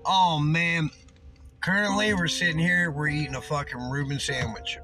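A tipsy man with a Missouri accent hosting a casual podcast, telling a rambling, profane story that keeps getting more excited. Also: on the high side, normal speed, loud music behind the voice, poor audio. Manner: profane, excitable, slurring a little. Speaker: podcast host.

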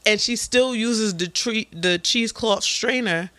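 Bright-voiced young New woman. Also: on the high side, no room sound. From New York. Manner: animated storyteller, quick asides, slangy. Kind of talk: casual chat.

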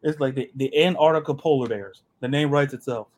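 A man hosting a sports podcast, talking in an animated, joking way and often repeating his words. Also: mid-range voice, fairly quick. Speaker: podcast host. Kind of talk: casual sports chat.

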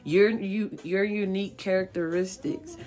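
A woman giving a casual tarot reading in an unhurried, drawn-out delivery. She is blunt and swears freely, and she circles back to the same point again and again to drive it home. Her voice sits at an ordinary middle pitch, with faint music playing behind her. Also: sing-song, darkish tone. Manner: emphatic, repetitive, blunt and profane; coaxing and encouraging. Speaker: tarot card reader. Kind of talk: casual spiritual reading to viewers.

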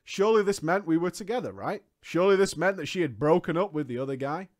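A man's voice: on the high side, lively intonation, fast. A man reading a story aloud and breaking into mocking asides, laughing often as he comments.

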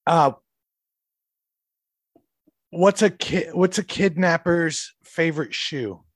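A man's voice: fairly high pitch, slow, no echo, clean studio sound. A man co-hosting a radio show who teases his partner and tells jokes in casual banter. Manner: teasing, joking, with loud bursts of laughter. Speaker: radio co-host.

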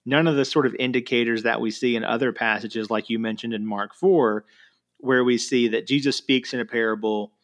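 A man's voice: medium pitch, fairly even intonation, fairly quick. Man in casual Bible discussion. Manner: conversational, quotes scripture with voiced asides, many fillers.

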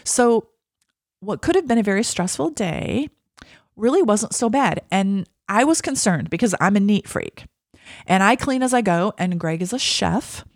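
A woman's voice: medium pitch, animated, a little slow, no echo, clean studio sound. A woman talking in an earnest, chatty, personal way, moving between casual faith talk and reading a book aloud. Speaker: Christian vlogger.

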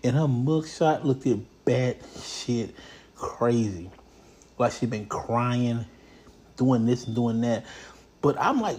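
A man hosting a show, giving casual, comedic commentary on news stories in a blunt, profane, animated way. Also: mid-range voice, a little slow.

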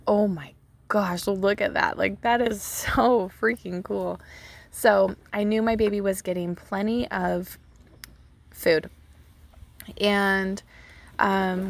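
Recorded outdoors with a child playing in water nearby, a young woman hosts a podcast and tells a personal story. Her mid-range voice is creaky, and she's chatty and casual, saying "like" and "um" a lot.

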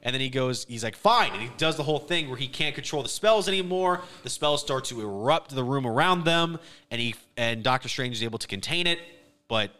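A man co-hosting a casual podcast, retelling a film plot in an animated way with quick quoted lines. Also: mid-range voice. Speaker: podcast co-host. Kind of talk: casual movie recap chat.

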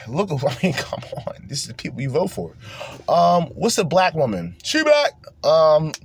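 The recording, carrying a little hiss or hum, captures a young man from New Jersey hosting his podcast. Medium in pitch, he rambles casually through a heated political rant full of profanity.

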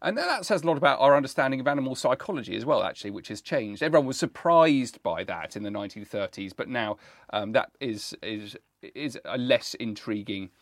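A man from the United Kingdom co-hosting a history podcast, telling a personal story with enthusiasm and many pauses and ums. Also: medium pitch, no room sound, studio quality. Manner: enthusiastic, musing, with frequent ums. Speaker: podcast co-host. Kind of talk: storytelling, reading out historical accounts.

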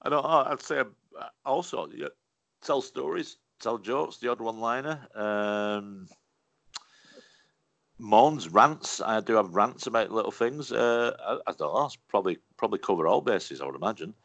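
A very deep-voiced man, chatting as a comedian guest. He spins loose, rambling stories, swears often and breaks into laughs between lines. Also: expressive, normal speed, gravelly, fairly bright tone, no room sound. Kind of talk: casual conversational storytelling.

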